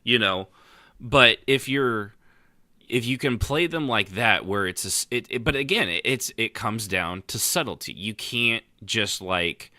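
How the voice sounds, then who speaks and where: Here the same kind of roleplay chat continues, with a man co-hosting in a rambling way, restarting often and leaning on fillers. The clean studio recording has no room sound, and his lowish voice is pushed and bright at normal speed.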